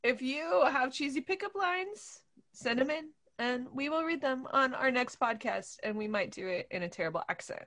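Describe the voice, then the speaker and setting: A woman's voice: sits high, expressive, moderate pace, fairly bright tone. A woman co-hosting a podcast, chatty and giggly as she talks to listeners and sums up the game. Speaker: podcast co-host.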